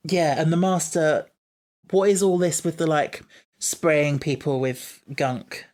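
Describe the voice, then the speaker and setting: A man's voice: fairly high pitch, slow, a little mellow. A man hosting a podcast, chatting casually, musing aloud and laughing easily. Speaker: podcast host. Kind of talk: casual chat.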